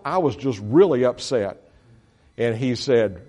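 A man's voice: on the high side, fast talker, a little mellow. A man speaking as a missionary, talking a congregation through slides in a folksy, earnest way, with many fillers and restarts. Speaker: missionary reporting to supporters. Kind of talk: slide-show talk to a congregation.

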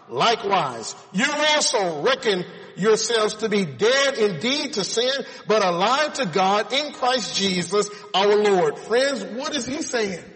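A man's voice: sits high, a bit bright, in a large hall, low-quality recording. A man preaching a sermon, reading scripture aloud and explaining it, calling his listeners friends.

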